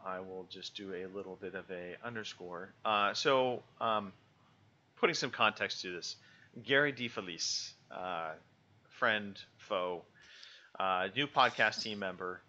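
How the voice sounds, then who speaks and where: A man's voice: low-pitched, unhurried, sharp tone, highs cut off. A man co-hosting a podcast in a loose, joking chat full of fillers. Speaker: podcast co-host.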